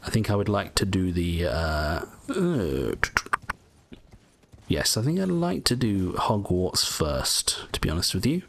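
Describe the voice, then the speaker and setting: A man's voice: low voice, very animated, measured pace, creaky, a bit bright, slight background noise. A man casually commenting as he plays through a game, explaining tips and muttering asides to himself. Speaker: gameplay walkthrough host.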